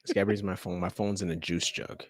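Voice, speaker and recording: A man's voice: low voice, little pitch movement, fairly quick, no room sound, studio quality. A man, a teacher, telling a story in casual chat, laughing often and acting out the people in it.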